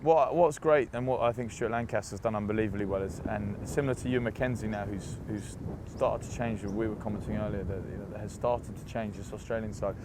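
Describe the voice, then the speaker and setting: A young man being interviewed, telling lively anecdotes in a casual, laughing way, recorded outdoors. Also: fairly low pitch, fairly quick, few pauses, background noise. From England. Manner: chatty, laughing, animated anecdotes. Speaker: interview guest, rugby player.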